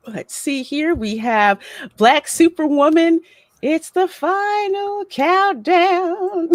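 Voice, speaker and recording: A woman's voice: high voice, animated, slow pace, no room sound. A woman hosting a casual livestream, chatty and laughing often as she greets viewers by name and reads their messages. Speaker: livestream host reading chat.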